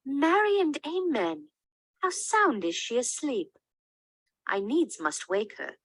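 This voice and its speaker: A man's voice: very high voice, huge pitch swings, slow pace, a bit bright, no echo, pitched above the performer's own voice, exaggerated voice, poor audio. A man voicing an old female nurse in a play reading, who teases and then wails in grief. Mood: teasing. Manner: teasing, then wailing in alarm.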